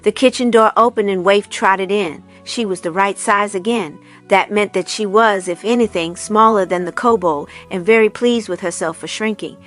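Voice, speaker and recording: A woman narrating a storybook in a calm, even way, with her voice at a middle pitch. Faint music runs quietly under the reading. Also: normal speed, hardly any pauses. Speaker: reader. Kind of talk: audiobook narration.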